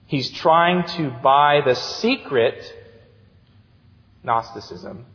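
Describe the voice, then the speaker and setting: A man in his thirties preaching a sermon as youth director, telling stories with animated, acted-out voices, heard in a church sanctuary. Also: fairly high pitch. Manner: animated storytelling, acts out excited voices. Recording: dull sound with long church reverb.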